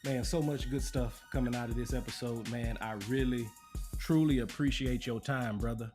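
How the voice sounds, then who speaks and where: A man's voice: medium pitch, fairly even intonation, normal speed. A man hosting a podcast, thanking his guest and reading a scripted sign-off. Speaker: podcast host. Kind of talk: podcast outro. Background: music.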